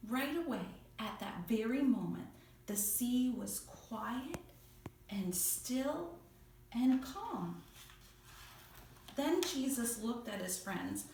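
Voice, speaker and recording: Heard from afar in an echoey church room, a woman teaches children by telling a Bible story with playful expression. She speaks slowly in a voice on the high side, with a faint hiss or hum present.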